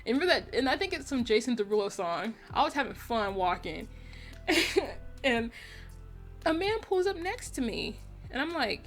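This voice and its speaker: A woman with a fairly high voice tells a story to her viewers in a casual, rambling way. She leans on "like" as a filler and breaks into laughs often. Faint music plays quietly behind her. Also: expressive, moderate pace. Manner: chatty, lots of "like" fillers and laughs. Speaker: vlogger.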